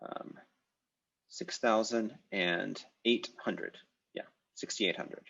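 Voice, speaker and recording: A man's voice: on the low side, fairly even intonation, slow, creaky, a bit bright, slightly rough, highs cut off. A man teaching a live online language class over a video call, explaining step by step with many "uh"s and "um"s. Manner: explanatory, with frequent "uh" and "um".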